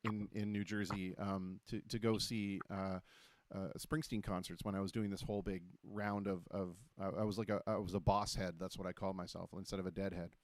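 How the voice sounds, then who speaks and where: A man's voice: deep voice, level tone. A man hosting a casual talk show, telling stories in a chatty, joking way with lots of restarts. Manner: chatty storyteller, quick and jokey with many restarts. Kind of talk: casual chat.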